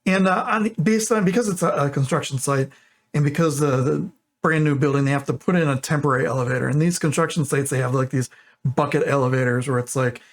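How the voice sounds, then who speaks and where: Guy rambling through a long joke, kinda high voice, keeps going off on tangents and fixing himself. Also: fast. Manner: rambling, digressive, self-correcting. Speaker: channel host. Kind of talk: casual joke telling.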